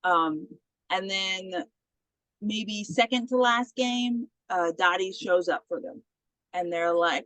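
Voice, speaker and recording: Bright-voiced woman recapping a movie. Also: medium pitch, a little slow, no echo, low-quality recording. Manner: retells scenes acting out characters, swears freely. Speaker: podcast co-host. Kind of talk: casual movie recap chat.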